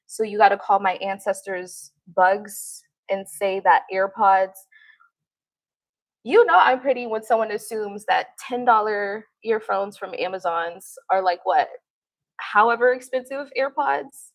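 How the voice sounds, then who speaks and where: A woman's voice: mid-range voice, unhurried, no room sound, low-quality recording. A woman tarot reader chatting casually on a live stream, brash, cocky and profane. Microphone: streaming mic.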